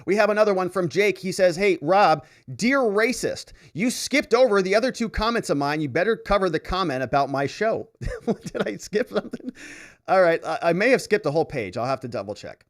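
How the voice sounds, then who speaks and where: A man hosting a livestream, casually reading out viewer comments and chatting about them with quick asides. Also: high voice, big pitch swings. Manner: chatty, reads comments aloud with asides and laughs.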